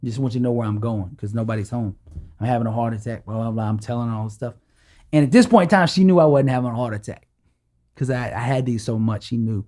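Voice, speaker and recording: Speaking fast at a medium pitch, a man appearing as a podcast guest recounts something from his own life. He's full of animated energy and performs the dialogue as the story unfolds.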